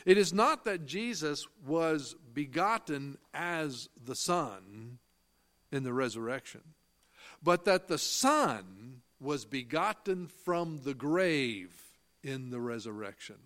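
A man's voice: fairly high pitch, expressive, fairly bright tone. A man preaching a sermon. He reads scripture aloud and explains it, stresses key phrases and asks the listeners questions, then answers them himself. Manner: slow, emphatic delivery, quoting scripture in old-fashioned wording.

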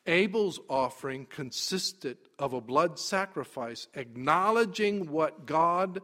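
A man preaching a sermon, emphatic, dropping quiet and then rising loud. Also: on the high side, lively intonation, slow pace.

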